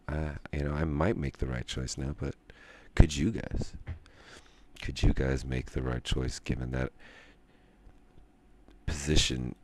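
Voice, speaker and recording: A man streaming, talking in a rambling monologue and ranting with drawn-out pauses. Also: background noise. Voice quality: very deep gravelly voice.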